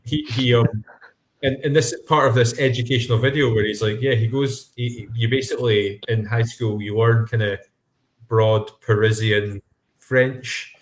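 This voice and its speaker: A man's voice: mid-range voice, fairly even intonation, normal speed. A young man on a casual podcast, rambling and restarting sentences as he recalls a story. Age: young adult. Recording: roomy, echoey sound.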